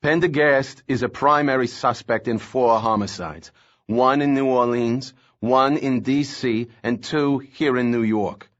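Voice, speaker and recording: A man's voice: medium pitch, unhurried, muffled recording, natural voice. A man voicing an abrasive, angry federal agent. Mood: brusque. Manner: abrasive, curt. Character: angry stocky male federal agent in charge.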